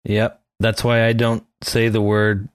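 A man's voice: lowish voice, completely flat delivery, measured pace, clear, resonant tone, no echo, studio quality. A man co-hosting a podcast in playful, self-mocking casual chat. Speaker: podcast co-host.

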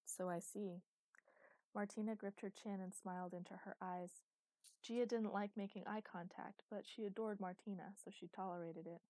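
Woman reading a story aloud, mellow lowish voice, super dry close mic. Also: steady tone, normal speed, no room sound. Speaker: audiobook narrator. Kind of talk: scripted narration.

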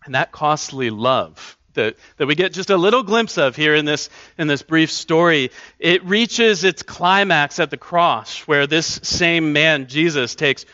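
Male pastor, earnest conversational sermon, bright tone, dull dry recording. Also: on the high side, unhurried, no room sound. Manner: earnest, conversational preaching with repeated restarts. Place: church.

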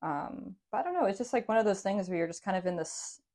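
A woman's voice: medium pitch, lively intonation, fast talker, darkish tone. A woman in a casual podcast chat who rambles, corrects herself and laughs often. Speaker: podcast guest dancer.

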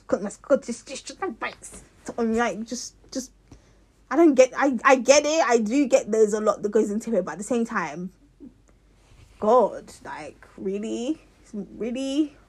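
A woman's voice: mid-range voice, darkish tone, husky. A young woman ranting to her viewers in a passionate, rambling way, with many restarts. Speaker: vlogger. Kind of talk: casual rant to camera.

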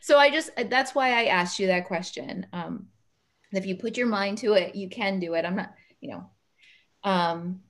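Casting: woman podcast host, mid pitch, soft-hearted and laughing, video-call interview. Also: moderate pace. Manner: warm, emotional, laughs often.

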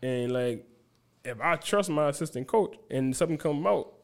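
A man who is a basketball coach, guest on a casual podcast, speaking in a relaxed way and often repeating his first words. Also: fairly high pitch, normal speed. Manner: relaxed, repeats words when starting sentences.

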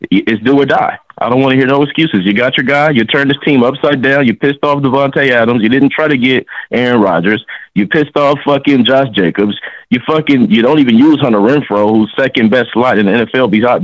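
A guest commentator on a podcast rants heatedly about sports in casual talk, fired-up and swearing heavily. His medium-pitched voice comes through a muffled recording with no room sound.

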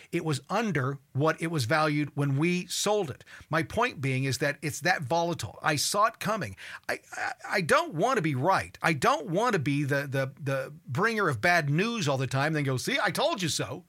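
A man in his sixties hosting a call-in radio talk show, talking in an animated way, stumbling over repeated words and swearing when riled up. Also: on the high side.

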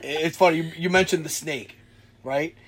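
A young man with a husky voice telling a rowdy story in casual chat, swearing freely and shouting out the quoted lines. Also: a little high, moderate pace, slight background noise. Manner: animated, swears a lot, shouts when acting out quotes.

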